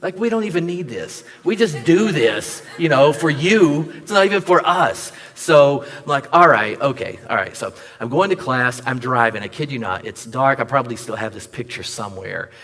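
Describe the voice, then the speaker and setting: Animated male preacher in a reverberant hall. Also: medium pitch, normal speed, few pauses. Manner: animated storyteller acting out dialogue, jokes with the audience. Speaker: pastor. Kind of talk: sermon storytelling. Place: church sanctuary.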